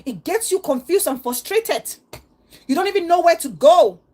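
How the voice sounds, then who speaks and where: High-voiced earnest woman vlogger. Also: lively intonation, normal speed, a little mellow. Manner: earnest, emotional, preachy. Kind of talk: heartfelt vlog monologue.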